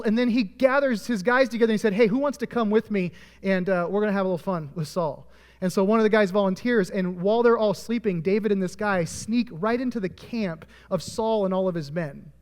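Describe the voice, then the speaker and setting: A male pastor preaching a sermon and retelling a Bible story, acting out the characters' lines. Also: sits high. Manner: storytelling, acting out voices of biblical figures. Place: church auditorium. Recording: long church hall reverb.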